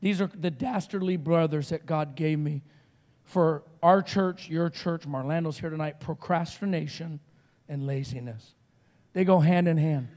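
A middle-aged man preaching as a guest speaker, telling stories with animated energy and shouted outbursts. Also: a little high, measured pace, big-room sound. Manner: animated storytelling, shouting quoted screams. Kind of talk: sermon.

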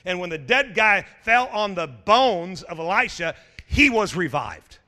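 Fiery high-voiced preacher in a reverberant hall. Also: male voice, measured pace. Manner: animated, stammering restarts, shouted exclamations, jokey asides. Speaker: pastor. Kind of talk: energetic sermon.

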